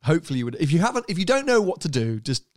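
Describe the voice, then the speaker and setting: A man's voice: a little high, very animated, very fast, a little mellow, no echo, clean studio sound. A man co-hosting a podcast, chatting casually and laughing often as he rambles through asides. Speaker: podcast co-host. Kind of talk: casual chat.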